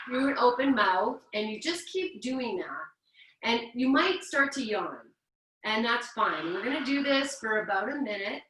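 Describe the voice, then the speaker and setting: A woman guiding a yoga breathing practice in a gentle, chatty, playful way, sighing now and then and correcting herself. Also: on the high side. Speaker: yoga teacher. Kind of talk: guided yoga instruction. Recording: echoey room, voice from a distance.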